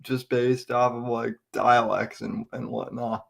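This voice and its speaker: A man's voice: mid-range voice, flat delivery, measured pace, creaky. A man with a mid-range voice chatting on a podcast. He stammers and restarts often, feeling his way through each thought. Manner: hesitant, stammering, many restarts. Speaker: podcast co-host. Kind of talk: casual podcast banter.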